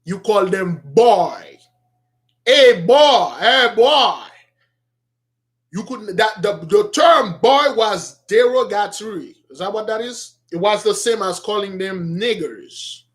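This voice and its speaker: Emphatic high-voiced man preaching. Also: a little slow, few pauses, slightly rough. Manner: emphatic, repetitive, shifts between shouting and quiet asides. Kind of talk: street-style sermon.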